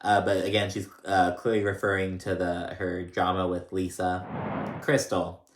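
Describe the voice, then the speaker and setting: Man, lowish voice, casual rambling recap, echoey room. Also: completely flat delivery, moderate pace, noisy background. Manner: rambling, filler-heavy storytelling. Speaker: reality TV recap host.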